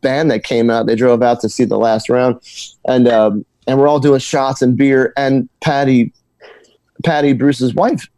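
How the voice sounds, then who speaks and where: A guitar teacher and musician shares stories in a laid-back interview, halting and restarting sentences, repeating words, and laughing while he tells them. The recording is dry, catching his ordinary-pitched voice up close, and he sounds like a regular guy.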